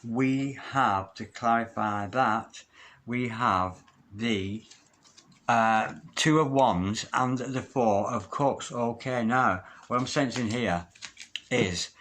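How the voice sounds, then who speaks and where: A man giving a spoken tarot reading to camera, earnest and halting, often repeating his words as he searches for them. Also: medium pitch, fairly bright tone. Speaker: tarot reader.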